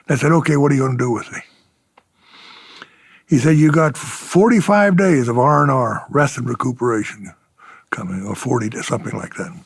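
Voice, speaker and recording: A man's voice: mid-range voice, gravelly, slightly rough, no echo. An older man, a retired fighter pilot, telling war stories in an oral history interview, chuckling and acting out the exchanges he quotes.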